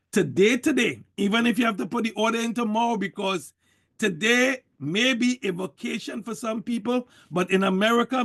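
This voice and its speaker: A man delivers a motivational sales pep talk in a high, gravelly voice. He is preachy and emphatic and hammers the same points again and again. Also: fairly bright tone. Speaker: network marketing speaker.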